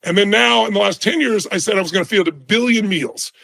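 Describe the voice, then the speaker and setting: A middle-aged man with a gravelly, fry-laden voice that sits a bit high for a man. He tells his story with emphasis and drama and acts out the quoted people. It is a guest's storytelling in an interview. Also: fast, pushed and bright.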